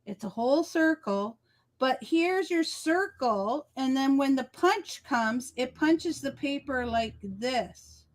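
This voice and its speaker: A woman with a fairly high voice co-hosts a relaxed crafting livestream over a video call. She explains patiently and in small steps. She keeps pausing to check that her listener is following. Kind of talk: casual chat.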